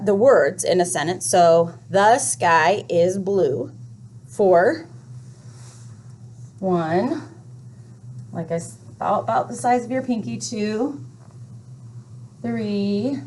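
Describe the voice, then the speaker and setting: A woman explaining a first grade reading lesson to parents, speaking clearly and patiently, step by step. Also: medium pitch, darkish tone, a little hiss or hum.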